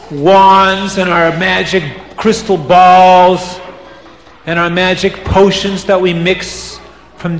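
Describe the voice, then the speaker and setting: A man voicing a pair of scheming, cackling female witches in a told story, taunting and boastful. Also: high voice. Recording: roomy hall reverb.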